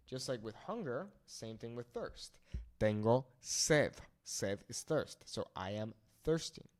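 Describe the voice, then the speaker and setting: A man teaches a language lesson in an animated, rising-and-falling voice. He explains patiently, trading English explanations with Spanish sample phrases. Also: mid-range voice.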